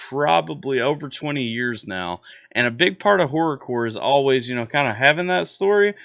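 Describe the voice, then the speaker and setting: A man's voice: medium pitch, a bit bright. A man hosting a music reaction video, giving a casual, constructive review. He talks in a rambling way, with many fillers and repeated words. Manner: constructive, coaching tone.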